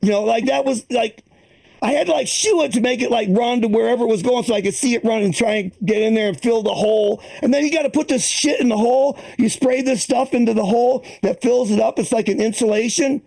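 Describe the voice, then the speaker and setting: At an extremely high pitch, a gravelly, darkish-toned man in his sixties from the Boston area races through a profane, rambling stand-up set. Performing for a streamed online comedy show, he acts out the people in his stories with quoted voices.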